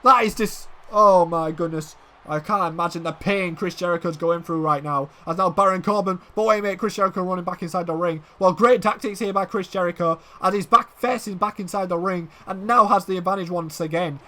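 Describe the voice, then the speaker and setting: A man giving excitable play-by-play commentary on a wrestling video game, dropping to low murmurs and rising to shouted exclamations. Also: fairly quick, few pauses.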